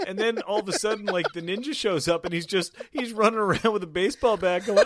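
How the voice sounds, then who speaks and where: A man's voice: high voice, animated, brisk, few pauses, fairly bright tone. A man in casual, profane chat, recapping a movie and acting out its characters with laughter.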